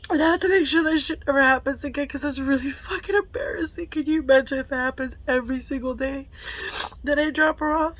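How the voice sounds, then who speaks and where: A woman's voice: sits high, fairly even intonation, fast, fairly bright tone. A mother telling a frank personal storytime, emotional and full of swearing, tearful at times. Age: adult parent of a school-age child. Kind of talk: candid storytime vlog.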